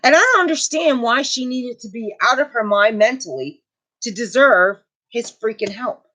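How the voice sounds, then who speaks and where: A woman's voice: fairly high pitch, lively intonation, normal speed, pushed and bright. A middle-aged woman hosting a casual livestream, telling a family story with emotion and indignation and answering viewer comments. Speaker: channel host. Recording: dull lo-fi home recording.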